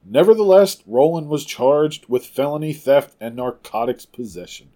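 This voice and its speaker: A man's voice: a little high, animated, normal speed, warm tone. A man co-hosting a casual comedy podcast, reading strange news stories aloud with wry asides. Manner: laughs easily, reads with wry asides. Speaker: podcast co-host.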